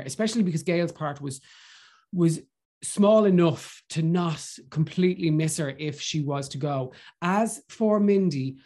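An Irish man talks in a gushing, animated way, his voice sitting a little high for a man. He trips over restarts as his excitement runs ahead of him, in casual podcast chat. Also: measured pace. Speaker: podcast guest. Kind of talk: casual film review chat.

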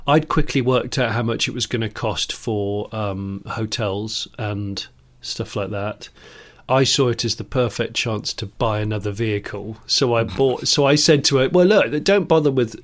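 A man's voice: on the low side, measured pace, few pauses, a bit bright. Rambling British man telling car stories. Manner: rambling, anecdotal, with frequent restarts and chuckles. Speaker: podcast co-host. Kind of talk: casual chat.

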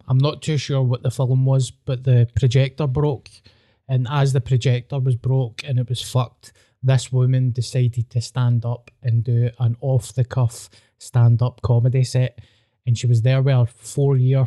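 A Scottish man from Glasgow chats on his podcast, swearing freely as he rambles through anecdotes. His voice is soft and mellow. The recording is dry and close. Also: medium pitch, flat delivery, normal speed, no echo. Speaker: podcast host. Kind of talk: casual chat.

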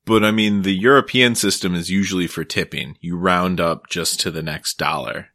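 Wry, bright-voiced man ranting. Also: low voice, fairly even intonation, normal speed, no echo, clean studio sound. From Maryland, USA. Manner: profane, wry ranting with laughs. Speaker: podcast co-host. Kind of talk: casual chat.

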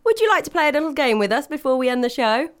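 A woman's voice: high-pitched, big pitch swings, racing. Bubbly British woman podcast host. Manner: bubbly, laughs often. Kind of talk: casual podcast chat.

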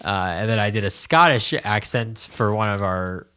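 Bright-voiced young man, rambling podcast chat. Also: lowish voice, moderate pace, clear, resonant tone. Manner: rambling, jokey, laughs often. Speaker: podcast co-host. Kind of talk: casual chat.

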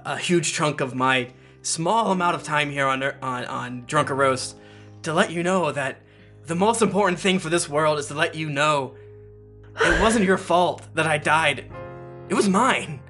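A man's voice: a little high, a little slow, pushed and bright, soft background music. A man voicing the ghost of a dead king in a tabletop game, rambling and laughing through the lines. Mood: earnest. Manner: laughing, rambling, breaks into giggles. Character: ghost of a dead male king, joking then earnest.

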